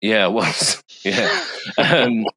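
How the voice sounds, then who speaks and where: Deep-voiced London man hosting a podcast. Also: extremely slow, crowd noise. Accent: London English. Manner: swears freely, scattered and self-mocking. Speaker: podcast host. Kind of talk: casual chat.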